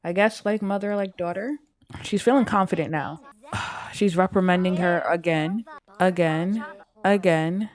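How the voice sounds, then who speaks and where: A woman's voice: lowish voice, moderate pace, darkish tone, soft background music. A woman giving casual gameplay commentary as a gaming YouTuber, chatty and rambling with many "like"s.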